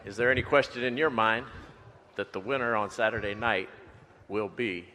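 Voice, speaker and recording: A man moderating a press conference, asking the fighters questions in a brisk, matter-of-fact way. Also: lowish voice, sharp tone. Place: large press conference hall. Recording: echoey hall, faint noise.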